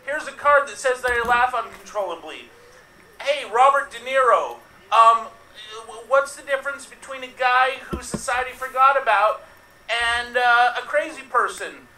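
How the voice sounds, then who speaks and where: A man's voice: very high-pitched, normal speed, sharp tone, echoey room, a little hiss or hum, exaggerated voice, rough recording. A man playing a deranged male clown villain, frantic and laughing in fits, one performer in an online improv show. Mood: manic.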